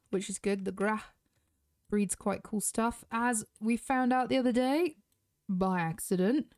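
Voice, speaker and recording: A woman's voice: medium pitch, a little mellow, dry recording, clean studio sound. Chatty British woman gaming. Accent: British English. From Britain. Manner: chatty, talks straight to viewers. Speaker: gaming YouTuber. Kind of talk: casual gameplay commentary.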